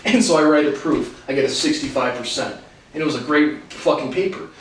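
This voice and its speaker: A young man spins college stories in a sardonic, profane ramble, often breaking into short laughs. His voice sits a bit high for a man. He sounds set back from the mic in an echoey room, with a faint hiss underneath. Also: expressive, fairly quick, recorded from a distance. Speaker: host. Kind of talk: casual storytelling monologue. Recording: roomy echo, voice off-mic, faint noise.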